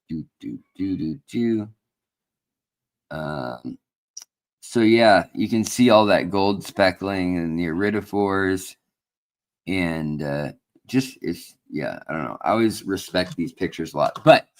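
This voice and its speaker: A man with a lowish voice chats slowly and loosely on a live stream. He rambles, jokes and fills gaps with "uh" and "like". It sounds like a relaxed indoor studio setup. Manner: rambling and joking, with many fillers. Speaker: host of an aquarium livestream. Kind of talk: casual live-stream chat.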